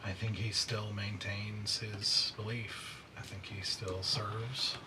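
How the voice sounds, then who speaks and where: A man as game master, calmly narrating the epilogue of a tabletop game session. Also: lowish voice, slow pace, over music. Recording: distant mic with loud background noise.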